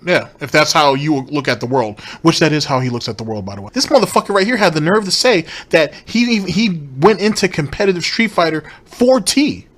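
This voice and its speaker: A man's voice: a little high, animated, a little fast, hardly any pauses, fairly bright tone. A man giving blunt, profane reaction commentary, driving points home with repetition.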